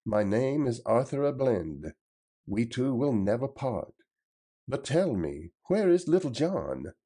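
A man voicing a sturdy, boastful tanner who talks in a loud, defiant way. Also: medium pitch, very animated, slow pace, slightly rough, pitched above the performer's own voice, exaggerated voice. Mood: friendly. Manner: defiant, challenging delivery, raised and louder. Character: blunt, boastful male tanner, sturdy and mocking.

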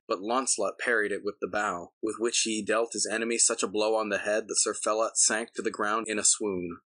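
A man reading an old tale aloud in a measured, formal way. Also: fairly low pitch, bright, forceful tone, rough recording. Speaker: audiobook narrator. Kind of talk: scripted storybook narration.

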